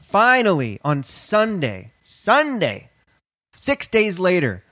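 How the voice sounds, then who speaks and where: A young man telling a story, his voice rising and falling widely as he acts out what others said. He speaks a little higher than most men, swears freely, and sounds dry and close to the mic. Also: slow pace, dry recording. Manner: animated, swearing, acts out quotes in a raised voice. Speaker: podcast co-host. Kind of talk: casual comedic storytelling.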